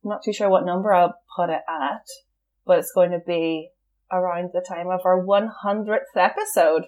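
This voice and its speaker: A young woman co-hosts a podcast, chatting casually and laughing often. Her voice sits on the low side with a darkish tone, fairly even intonation and a normal speed.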